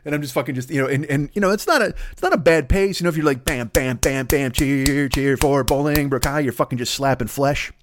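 A man's voice: on the high side, animated, fast, hardly any pauses, noisy background. A man delivering a crude, rambling comedic monologue as a podcast host, swearing constantly and slipping into songs and voices. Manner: profane, rambling, bursts into singing and put-on voices.

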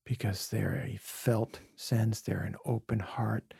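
A man from Brooklyn, a podcast guest, telling reflective personal stories in an earnest, heartfelt way, sometimes dropping to a soft near-whisper. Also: on the low side, fairly even intonation, slow, gravelly, slightly rough, dry recording, studio quality. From Brooklyn, USA. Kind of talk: earnest conversational storytelling.

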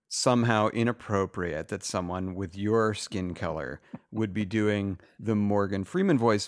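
A man hosting a casual interview, asking long, rambling, enthusiastic questions. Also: lowish voice. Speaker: podcast host.

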